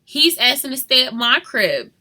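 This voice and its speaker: A young woman in an emotional confessional vlog, crying and talking softly at home. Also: high voice, big pitch swings, moderate pace. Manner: tearful, shifting between crying, soft whispers and rueful laughs. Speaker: vlogger. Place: home at night.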